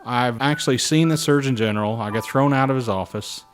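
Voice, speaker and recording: A middle-aged man recalling his flying career in a lively anecdotal way, acting out the voices of people he quotes. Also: medium pitch, fairly quick. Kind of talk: anecdotal storytelling. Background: soft guitar music.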